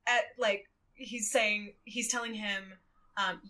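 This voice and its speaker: A woman guesting on a podcast, recapping a book in casual chat, animated and giggly as she tells it. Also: medium pitch, unhurried. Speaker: guest co-host.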